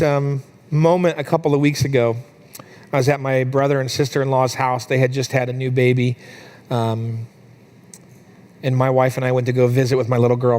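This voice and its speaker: A young adult man preaching a sermon in a church, telling a family story with lively, animated delivery. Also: mid-range voice. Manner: storytelling, animated when quoting his daughter. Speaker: pastor.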